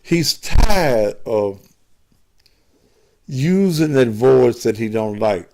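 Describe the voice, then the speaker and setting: Slow, lively-pitched man hosting a talk show. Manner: rhetorical, drawn-out questions to listeners. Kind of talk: provocative call-in talk commentary.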